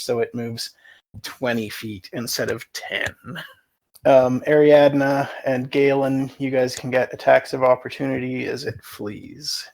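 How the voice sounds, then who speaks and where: A man's voice: medium pitch, vocal fry. A man running a tabletop game as game master, matter-of-fact and asking about the rules.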